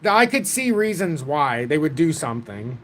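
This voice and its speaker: A man in his forties hosting a casual livestream about crypto charts, talking in an excitable, rambling way from home. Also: a little high, normal speed. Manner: rambling, excitable, self-taught trader talk.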